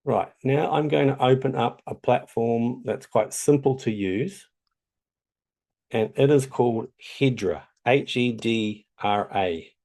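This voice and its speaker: A man's voice: medium pitch, slow pace, vocal fry, a little mellow. A man with a New Zealand accent giving a chatty, casual tutorial with lots of ums. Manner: chatty, loose, many ums. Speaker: tutorial host. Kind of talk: casual screen-share tutorial.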